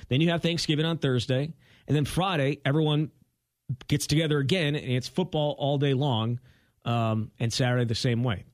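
A man in his thirties co-hosting sports radio, speaking casually with sarcastic jabs and plenty of fillers. His voice is middle-pitched. The recording is dry and close. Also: normal speed, no echo. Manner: sarcastic, animated, talks in fillers. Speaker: radio show co-host.

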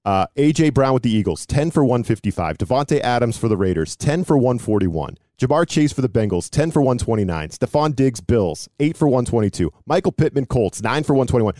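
A man's voice: medium pitch, expressive, mellow, dry recording, studio quality. Chatty man hosting a sports podcast. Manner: chatty, self-deprecating, quick asides. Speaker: podcast host. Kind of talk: casual sports podcast chat.

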